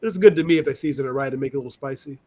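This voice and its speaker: A man on a casual panel of delivery drivers, quick to tell stories from his shifts. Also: mid-range voice, warm tone. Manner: quick, storytelling.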